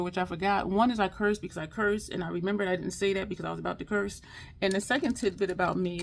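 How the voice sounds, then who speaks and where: A woman's voice: mid-range voice, vocal fry, slight background noise. A woman hosting her makeup channel, chatting casually and upbeat while doing her look, speaking straight to her viewers in an affirming way. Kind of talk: casual makeup tutorial chat.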